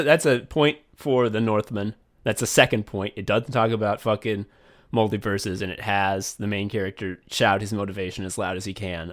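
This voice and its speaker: A man co-hosting a comedy podcast, talking in a sarcastic, profane way with loud mocking bursts. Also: on the low side. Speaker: podcast co-host. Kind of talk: casual comedic chat.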